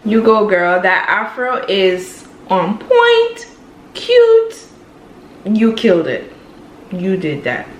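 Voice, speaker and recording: A woman's voice: medium pitch, sing-song, slow, background noise. A woman with a Jamaican accent hosting a casual reaction video, full of gushing, exclamatory praise. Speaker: host reacting to clips. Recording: echoey room.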